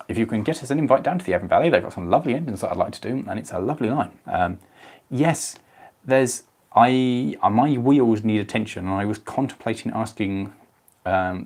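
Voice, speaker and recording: A young Englishman hosts a relaxed live stream, chatting easily and answering his viewers by name. His voice sits a little on the low side. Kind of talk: casual live stream chat.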